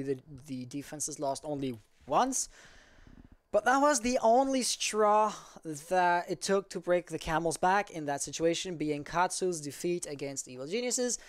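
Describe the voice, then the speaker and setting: A man's voice: a little high, dry recording. Male esports caster, stop-start delivery, self-correcting, dry close sound. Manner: halting, self-correcting, apologizes for stuttering. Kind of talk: live esports commentary.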